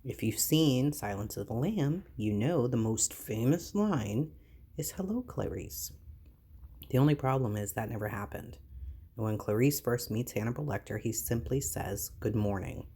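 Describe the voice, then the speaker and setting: A woman's voice: a bass voice, normal speed, slightly rough. A woman vlogging casually, reading items aloud and reacting with exasperated disbelief. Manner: incredulous, exasperated, animated reactions.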